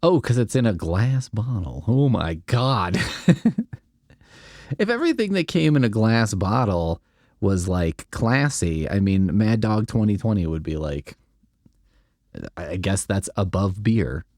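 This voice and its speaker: A man's voice: fairly low pitch, sing-song, a little slow, a little mellow, no echo, clean studio sound. A man hosting a comedy podcast, reading a script aloud and riffing with rambling, wry asides that trail off. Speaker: podcast host.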